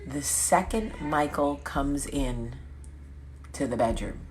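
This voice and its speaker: A woman hosting a casual vlog chat, telling stories with quick asides and self-corrections. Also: a bass voice, slight background noise. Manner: chatty storytelling with quick asides; lively, laughing, self-correcting. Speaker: vlog host.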